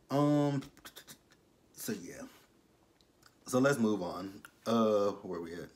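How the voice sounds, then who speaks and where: Guy with a low voice doing a loose animated episode recap, swears a lot. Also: normal speed. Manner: animated, acts out characters' lines in quotes, swears freely. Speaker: TV episode reviewer. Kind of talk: casual recap and commentary.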